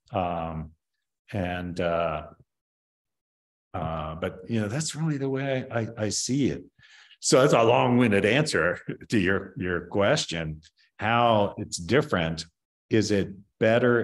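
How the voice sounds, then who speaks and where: A man in his seventies, a martial arts master, giving opinionated, rambling answers in an interview with many fillers. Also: fairly low pitch.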